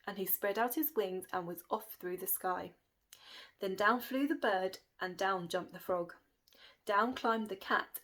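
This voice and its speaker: A woman's voice: mid-range voice, measured pace, fairly bright tone, poor audio. A woman reading a rhyming children's picture book aloud with a lilting rhythm. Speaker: storybook reader.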